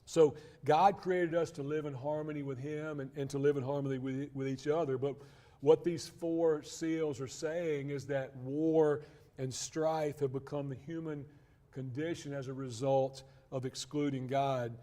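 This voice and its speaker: A man's voice: fairly high pitch, steady tone, measured pace, warm tone. A man teaching a church Bible class in a conversational way, with frequent restarts and asides.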